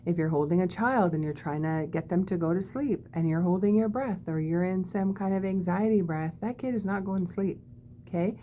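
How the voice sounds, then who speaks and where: A woman teaching body-calming techniques in a gentle, demonstrative way, often checking in with "okay?". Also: lowish voice, brisk, slight background noise. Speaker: wellness teacher. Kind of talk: guided body-calming lesson.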